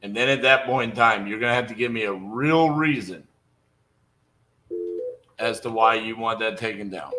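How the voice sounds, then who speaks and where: A man's voice: fairly low pitch, moderate pace, pauses often, pushed and bright, rough recording. A young man in casual livestream talk, blunt and conversational, with frequent fillers, between cold calls to sellers. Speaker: real estate wholesaler.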